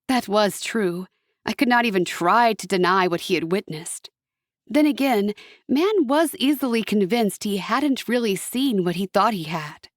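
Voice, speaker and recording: A woman reading a fantasy audiobook in a steady, expressive narration. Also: medium pitch, moderate pace, dry recording, clean studio sound.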